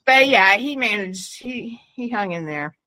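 A woman's voice: mid-range voice, expressive, a little slow, bright, forceful tone. A woman co-hosting a podcast, telling candid, profane stories in casual chat and laughing often. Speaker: podcast co-host.

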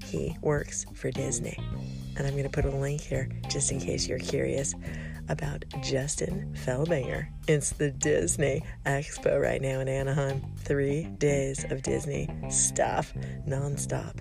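Gravelly woman hosting over guitar music. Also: a bass voice, level tone, unhurried. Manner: friendly and appreciative toward callers. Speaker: podcast host. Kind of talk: casual chat reading listener messages. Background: plucked guitar music.

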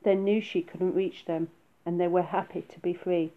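A woman reading a children's story aloud in a soft, unhurried way. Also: lowish voice, level tone. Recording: phone-like narrow sound.

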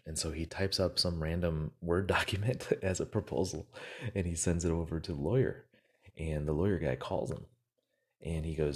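A man's voice: a bass voice, steady tone, normal speed, darkish tone, breathy edge. A man giving an earnest, motivational casual talk, rambling with fillers and repeated words.

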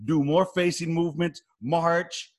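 A man telling army stories in casual chat, animated and profane, acting out loud quotes. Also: on the high side, a little slow. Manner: animated storyteller, heavy swearing, acts out quotes loudly.

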